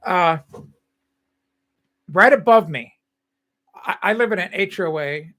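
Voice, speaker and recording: A man's voice: high voice, lively intonation, takes it slowly, bright, forceful tone. An older man from Ohio hosting a casual livestream from his home, rambling with many fillers and frequent chuckles. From Cincinnati, Ohio. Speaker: host of a home-building livestream. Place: home, indoors.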